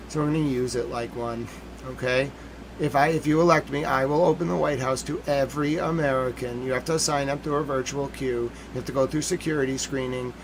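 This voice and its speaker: A man's voice: medium pitch, noisy background. A man hosting a livestream, riffing in a casual, joking monologue and laughing at his own ideas. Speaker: host of a nightly news recap stream.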